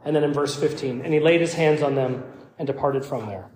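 A man's voice: mid-range voice, brisk, darkish tone, a little hiss or hum. A man preaching a sermon as pastor, emphatic and given to repeating words as he starts phrases. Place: church sanctuary. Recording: echoey church hall.

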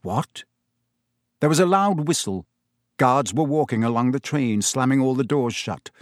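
A man narrating an audiobook chapter in an expressive storytelling voice. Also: mid-range voice, normal speed, dry recording, studio quality.

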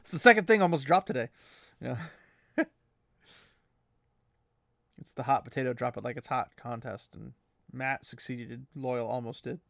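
A man hosting a podcast, chatting excitedly about a fantasy novel, laughing often and mimicking characters. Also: mid-range voice, normal speed, gravelly, pauses often, no echo.

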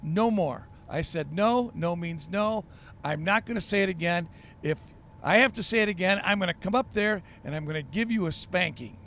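An exhausted, fed-up father, as a man acts him out in a story, laying down the law in short, firm bursts. His voice is a touch high for a man and gravelly. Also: expressive, brisk, slight background noise. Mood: stern. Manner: firm, scolding, increasingly irritated. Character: tired, exasperated father putting son to bed.

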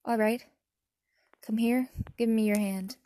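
A woman voicing a calm young male ghost of a dark wizard, speaking quietly and with regret in a storybook reading. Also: on the high side, slow pace, dry recording. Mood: quiet, measured.

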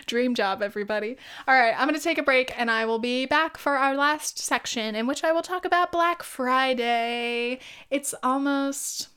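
A woman's voice: sits high, a little slow, sharp tone, clear, resonant tone. A young woman hosting a casual solo podcast, chatty and candid, swearing freely and laughing often. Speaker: podcast host. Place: lives in the UK.

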